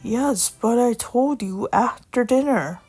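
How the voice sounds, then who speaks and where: A woman's voice: a little high, animated, takes it slowly, darkish tone, faint music behind, voice pushed up. A stern strict father, as a woman plays him. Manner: firm, scolding. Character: stern strict father, patient but firm.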